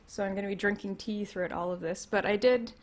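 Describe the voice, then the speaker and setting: A young woman with a Canadian accent, a little hoarse from losing her voice, rambling through a casual livestream from home, laughing often. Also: mid-range voice, steady tone, fast. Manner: rambling, laughs often, reads chat comments aloud. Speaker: livestream host. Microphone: computer mic.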